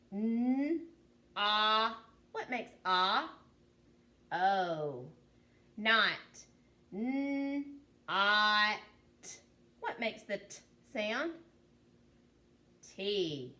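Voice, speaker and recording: Woman, kindergarten teacher, remote phonics lesson; very slow, bright tone, encouraging. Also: mid-range voice. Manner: slow, drawn-out sounding out of words; patient, encouraging classroom voice.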